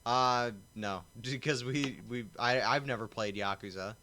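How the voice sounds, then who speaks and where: A man's voice: medium pitch, a little slow, pushed and bright. A man hosting a livestream, reading out viewer comments and laughing along. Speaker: livestream host reading chat.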